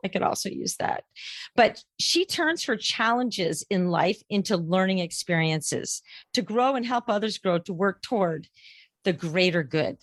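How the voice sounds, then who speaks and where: A woman's voice: medium pitch, dry recording. A woman with a Boston accent co-hosting a casual podcast, chatty and self-deprecating. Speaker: podcast co-host.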